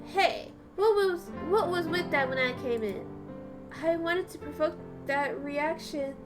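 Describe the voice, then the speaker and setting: A woman voicing a cocky male budgerigar who is a cafe regular, talking in a slow country drawl over game music. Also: high-pitched, fairly even intonation.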